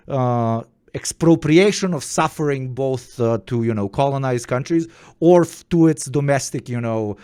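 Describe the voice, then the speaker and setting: Man, stream host, high-pitched, swears freely and tells stories with energy. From Eastern Europe. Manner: profane, animated storytelling. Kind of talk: casual chat.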